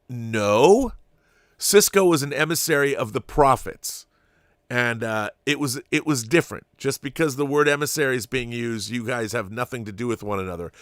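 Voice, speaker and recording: A man's voice: medium pitch, a bit bright. A man delivers an exasperated commentary rant, sarcastic and profane, in a middle-range voice. The sound is dry and close with no room echo. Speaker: channel host. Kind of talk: opinion commentary monologue.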